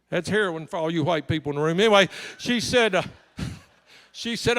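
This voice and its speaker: A male pastor preaching through a story, humorous and anecdotal. His voice sits high for a man and sounds bright and forceful. It carries through a large church hall with a long reverb. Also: normal speed. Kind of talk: sermon storytelling.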